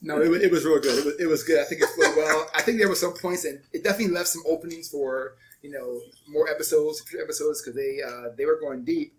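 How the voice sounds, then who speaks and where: A man's voice: on the high side, quick pace, few pauses, a little hiss or hum. A man co-hosting a podcast in casual chat, rambling and often restarting his thoughts. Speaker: podcast co-host.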